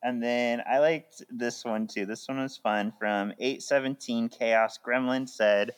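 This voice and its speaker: A man's voice: medium pitch, fairly even intonation, measured pace, clean tone. A man co-hosting a podcast in casual chat, upbeat and laughing often. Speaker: podcast co-host.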